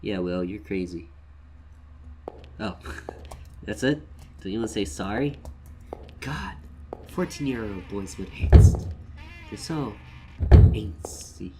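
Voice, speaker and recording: A man giving casual, joking game commentary, swinging between mumbles and loud outbursts. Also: fairly low pitch, lively intonation, takes it slowly, long pauses, over loud music. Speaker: let's play gamer.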